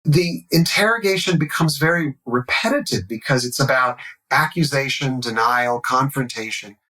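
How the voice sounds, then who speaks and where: A man's voice: medium pitch, moderate pace, pushed and bright, low-quality recording. A male professor interviewed as an expert, explaining in a concise, structured way.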